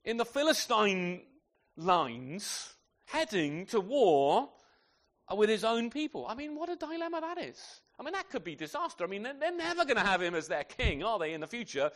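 High, lively male preacher. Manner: conversational, with frequent rhetorical tag questions. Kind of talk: sermon.

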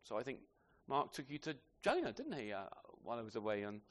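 A man preaching an expository sermon in a church, animated, asking his listeners rhetorical tag questions and restarting phrases as he goes. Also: medium pitch, fast. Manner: repeats words as he restarts phrases. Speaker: pastor.

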